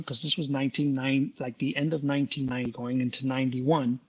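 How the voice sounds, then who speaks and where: Brief: male musician recounting his career in an interview, loose and rambling, laughing now and then, with a husky edge to his voice. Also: medium pitch, level tone, fast, highs cut off. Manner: rambling, many "you know" fillers, laughs often. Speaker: guest musician. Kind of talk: casual interview storytelling.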